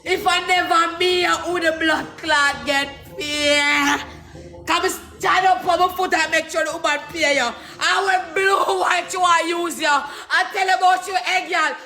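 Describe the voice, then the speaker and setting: A Jamaican man with a high, bright voice rants loudly in thick patois. He shouts and curses in a heated outburst, with faint music playing behind him. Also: steady tone, normal speed. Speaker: social media personality. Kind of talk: angry profane rant.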